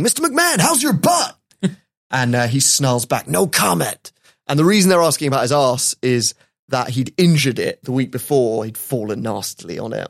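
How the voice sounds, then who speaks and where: Young man, podcast host, wry storyteller, casual chat, mid-pitched. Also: dry recording, clean studio sound. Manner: wry, animated anecdote telling with shouted quoted voices.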